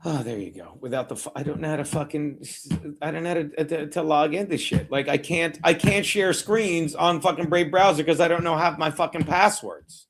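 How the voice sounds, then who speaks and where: High-pitched guy cussing nonstop on a watchalong stream, mocking folks and muttering at his browser. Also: normal speed. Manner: profane, rambling, mutters while fiddling with browser; brash and mocking. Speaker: streamer hosting a betting watchalong. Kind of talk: live-stream commentary and chat.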